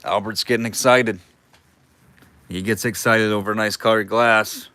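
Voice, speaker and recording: Male auctioneer for a live online sale, chatty and jokey, bright forward voice, calls bids in between banter. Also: lowish voice, fairly even intonation, a little slow, clean tone. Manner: chatty, jokey, reads out bids and names viewers.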